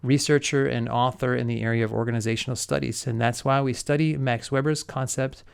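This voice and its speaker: A man's voice: medium pitch, fairly even intonation, fairly quick, vocal fry, smooth. A middle-aged man giving an explanatory lecture, working methodically through numbered points with everyday examples.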